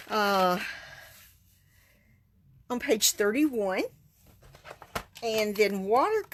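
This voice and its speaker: A woman's voice: mid-range voice, a little hiss or hum. A woman, chatting through a live card-making demonstration, enthusiastic and laughing often. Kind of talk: casual live stream demonstration.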